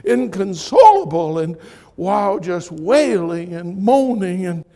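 A man preaching a sermon in church, swinging from loud punchlines to quiet, confiding asides as he tells stories. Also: sits high, expressive, a little slow. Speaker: pastor. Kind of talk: sermon with storytelling.

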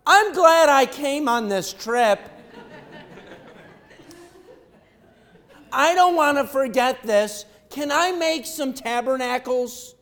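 A man acting out a flustered, overwhelmed male disciple who stammers with excitement. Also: extremely high pitch, slow, voice pushed up, full character voice. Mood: giddy.

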